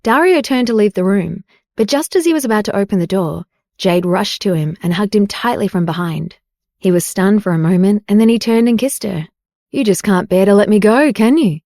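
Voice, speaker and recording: Female audiobook narrator, even and unhurried, mid pitch, dry read. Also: no room sound. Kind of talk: scripted narration.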